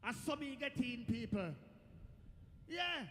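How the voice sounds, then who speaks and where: A middle-aged man with a Jamaican accent doing a stand-up comedy set on a festival stage, telling stories in a lively way with loud bursts to the crowd. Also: extremely high pitch, slow. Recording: echoey outdoor stage, faint noise.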